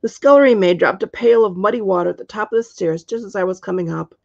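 A woman's voice: medium pitch, fast, vocal fry, darkish tone. A woman voicing an earnest young princess who turns into a dragon, in a dull lo-fi recording. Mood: upset. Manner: earnest, puzzled complaint.

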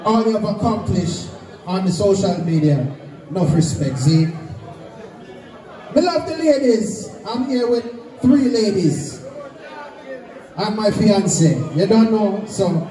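A man's voice: sits high, animated, slow pace, pauses often. A man from Jamaica hosting a sound clash, chatting in patois. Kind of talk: hyped dancehall hosting. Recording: loud roomy live venue from a distance. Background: crowd and dancehall music.

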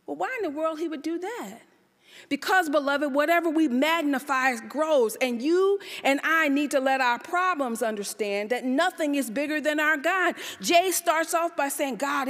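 Woman pastor, high voice, lively preaching with rhetorical questions, long hall reverb. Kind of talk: sermon. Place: church sanctuary. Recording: live church service in a reverberant hall.

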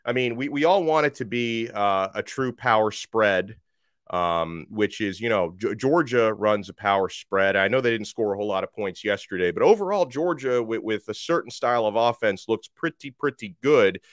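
A sports podcast host reads listener tweets aloud and reacts frankly, chatting casually and laughing along. His voice is on the low side and expressive, at a moderate pace, recorded in studio quality with no echo.

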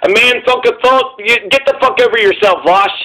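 A man's voice: very high-pitched, a little fast, pushed and bright, rough recording. A man hosting his own channel, delivering a heated, profane political rant full of repetition. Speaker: commentary channel host.

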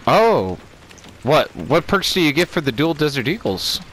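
A man's voice: a little high, big pitch swings, moderate pace, fairly bright tone, slight background noise. A man chatting casually and joking with profanity while he plays a game. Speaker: gamer. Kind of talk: casual gameplay chat.

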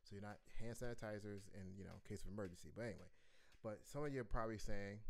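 A man teaching an online music lesson in a playful, animated way, chanting rhythms aloud. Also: on the low side, fast talker, vocal fry.

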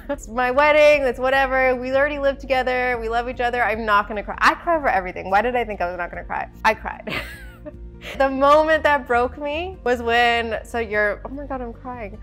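Young adult woman, casual chatty vlogger, emotional and quick to laugh; light music bed. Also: high voice, fairly bright tone. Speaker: vlogger, bride. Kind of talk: casual vlog talk.

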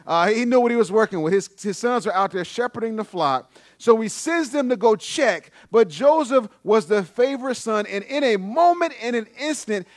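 A man preaching a sermon as pastor, animated and emphatic, repeating his phrases for stress, in a church sanctuary. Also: high voice, dry recording, clean studio sound.

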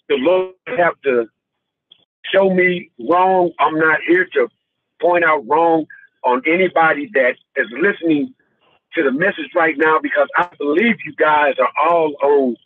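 A man on a tinny phone line, his voice husky and dry, giving an emotional testimony close to tears. He talks earnestly and haltingly, with many fillers and repeats. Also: a little high, animated, no room sound. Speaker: caller in online fellowship.

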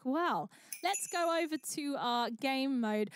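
Bubbly high-voiced woman streamer. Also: animated, slow, clear, resonant tone, no room sound, studio quality. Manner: bubbly, chatty, thanks viewers by name. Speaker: charity livestream host. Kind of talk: live-stream chat.

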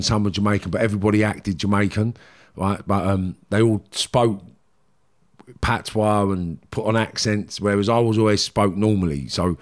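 A middle-aged man with a London Cockney accent, a podcast guest candidly telling rambling, streetwise stories from his past. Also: fairly low pitch. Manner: streetwise, rambling, frequent "do you know what I mean". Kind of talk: candid storytelling interview.

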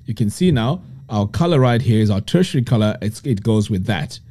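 A man presenting a screen-recorded web design tutorial, explaining each step in a relaxed, step-by-step way. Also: on the low side, brisk. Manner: relaxed step-by-step walkthrough, frequent "so" and "okay".

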